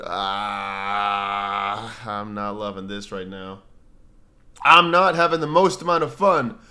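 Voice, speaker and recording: A man's voice: on the low side, expressive, slow, pushed and bright, clear, resonant tone. A man hosting a crypto livestream, reading viewer comments aloud in casual chat and rambling with many restarts and playful asides.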